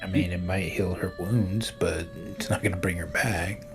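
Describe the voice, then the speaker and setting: Low-voiced man playing a tabletop game. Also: steady tone, moderate pace, soft background music. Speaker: player. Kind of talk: tabletop role-play.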